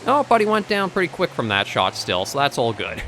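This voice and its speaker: Slight background noise sits behind a man hosting his gaming channel, who speaks fairly quickly in a medium pitch. He chats casually over the game, relaxed and thinking aloud with plenty of fillers.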